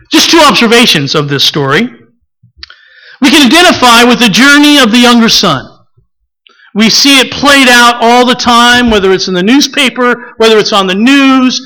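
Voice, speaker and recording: A preacher delivering a sermon with a lively, swooping delivery and a bright, forceful tone. The preacher often acts out scripture quotes and turns to ask the listeners questions. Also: mid-range voice, poor audio.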